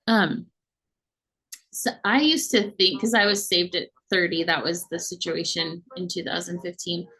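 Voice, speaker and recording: A woman's voice: lowish voice, unhurried, slightly rough, poor audio. A woman in her thirties sharing a heartfelt personal faith testimony, earnest and emotional. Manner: earnest and emotional, with soft laughs. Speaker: faith vlogger.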